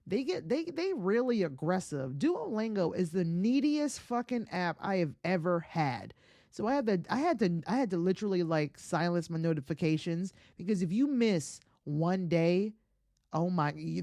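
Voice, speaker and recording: A woman's voice: on the low side, a little mellow, no echo, studio quality. A woman hosting a comedy podcast, telling a folk tale in a chatty, profane way and laughing often at her own jokes. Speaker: podcast host.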